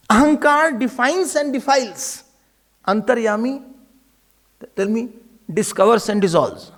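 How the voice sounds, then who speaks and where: A man with an Indian English accent giving a spiritual discourse on scripture, animated and sprinkling in Hindi and Sanskrit terms. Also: high voice, gravelly. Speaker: spiritual teacher.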